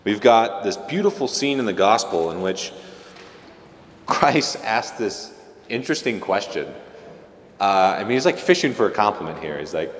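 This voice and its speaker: Low-voiced male priest, easygoing homily with jokey asides, recorded in a reverberant church. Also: lively intonation, moderate pace. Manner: conversational, joking asides with playful mimicry. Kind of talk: casual homily.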